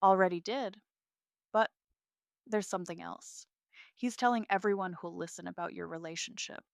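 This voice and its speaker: A woman voicing a brisk, businesslike female staffer calling with news in a narrated story. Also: fairly low pitch, creaky, smooth, no room sound, clean studio sound.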